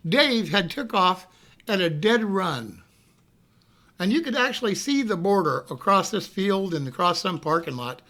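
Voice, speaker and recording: A middle-aged man rambling through a casual anecdote, often adding "you know what I mean" and loudly acting out what people said. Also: high voice, animated, a little slow. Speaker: storyteller.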